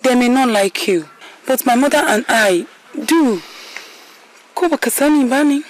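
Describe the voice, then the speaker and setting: An actress playing a kind, protective young princess in a Nigerian film drama, speaking with a Nigerian accent. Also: female voice, fairly high pitch, expressive, unhurried. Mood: gentle.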